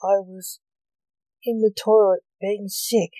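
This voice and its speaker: A woman voicing a nervous male nurse who lies to cover a killing, defensive and jittery, in a mellow voice with a dry sound. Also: medium pitch, level tone, slow pace, no echo, natural voice.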